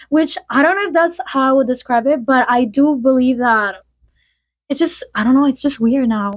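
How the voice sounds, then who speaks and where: A woman's voice: sits high, moderate pace, no room sound. A young adult woman vlogging casual gossip, rambling and chatty with lots of "like" fillers. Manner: chatty, rambling, heavy use of "like". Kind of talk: casual gossip chat to camera.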